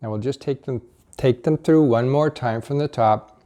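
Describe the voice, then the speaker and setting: Speaking at a normal speed in a warm, mid-range voice, a man teaches pronunciation through a slow drill lesson. He patiently demonstrates vowels and short words individually, offering encouragement.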